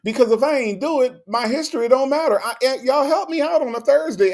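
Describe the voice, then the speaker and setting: Male stream host, casual and slangy, animated rhetorical back-and-forth with chat. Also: very high-pitched, fairly quick, hardly any pauses. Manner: animated, rhetorical questions, repeats himself; slangy, conversational. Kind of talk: casual live commentary reading chat.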